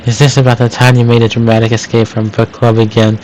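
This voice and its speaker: A man's voice: mid-range voice, flat delivery, quick pace, darkish tone, a little hiss or hum, close to an everyday voice, poor audio. A man voicing a sarcastic, brassy mom in an amateur reading of a cartoon fan script. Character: sarcastic middle-aged mom, brassy and teasing. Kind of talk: amateur script read-aloud.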